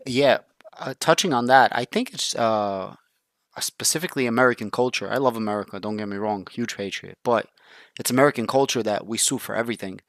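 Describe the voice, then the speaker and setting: A man on a live crypto panel who tells an animated story and acts out the people in it. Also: medium pitch, fairly quick, no room sound. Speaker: crypto content creator.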